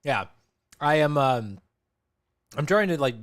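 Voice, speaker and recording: A man's voice: a little high, animated, takes it slowly, a bit bright. A man co-hosting a casual movie podcast over a video call, joking and playful in his talk. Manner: joking, playful, laughs easily. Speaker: podcast co-host. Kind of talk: casual chat among friends.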